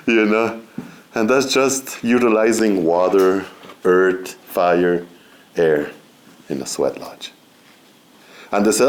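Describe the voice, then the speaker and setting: A middle-aged man speaking as a guest at a seminar, relaxed and conversational, often saying "you know" and laughing between points. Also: on the low side, slow, pauses often. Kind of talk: informal spiritual talk.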